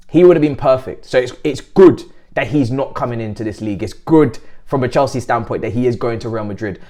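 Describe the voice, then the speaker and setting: A man hosting a football vlog, talking in an animated way that swings from loud mocking bursts to low muttered asides. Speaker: football channel host. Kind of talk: excited football commentary vlog.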